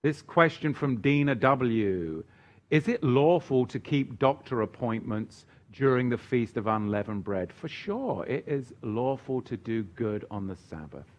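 A man's voice: mid-range voice, animated, unhurried. A man preaching as he answers viewer questions on a Bible Q&A livestream, emphatic and chatty, with joking asides. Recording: dull lo-fi stream audio.

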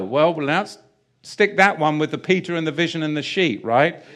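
A man's voice: on the high side, normal speed, a bit bright. A man preaching a sermon in a chatty, self-deprecating way with jokey asides. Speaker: pastor.

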